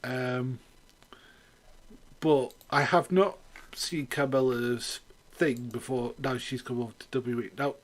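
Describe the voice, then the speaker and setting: A man's voice: mid-range voice, steady tone, takes it slowly, pauses often. Rambling, sarcastic man reviewing wrestling. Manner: rambling, sarcastic, with frequent fillers. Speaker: host of a weekly wrestling review. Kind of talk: casual spoken review.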